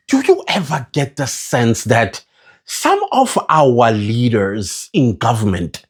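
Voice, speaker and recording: A man's voice: medium pitch, very animated, measured pace. Impassioned South African man. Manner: impassioned, rhetorical, addresses viewers as guys. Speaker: vlogger. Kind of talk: casual opinion vlog to camera.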